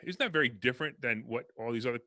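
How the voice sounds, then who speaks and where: A real estate investor tells stories in a casual podcast interview, speaking fast and animatedly as he acts out the dialogue. His voice sits in the mid-range, and the recording is dry.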